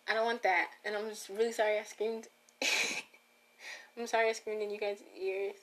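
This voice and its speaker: This podcast host, a woman, talks alone and casually to her listeners, wandering off topic and cutting her own sentences short. Her mid-range voice is fairly bright and level, at an ordinary pace.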